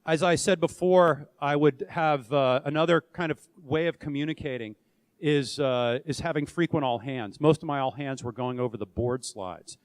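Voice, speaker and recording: A man's voice: a little high, moderate pace. A middle-aged man, a company founder and CEO, giving a candid, conversational conference talk with frequent restarts. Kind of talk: conference presentation. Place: conference room or hall. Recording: long reverb of a hall.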